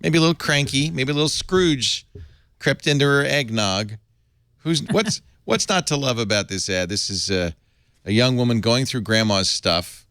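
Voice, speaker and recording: A man hosting a casual panel chat, telling a story in an animated way with laughs between points. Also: mid-range voice, normal speed, clean tone, no room sound. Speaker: host.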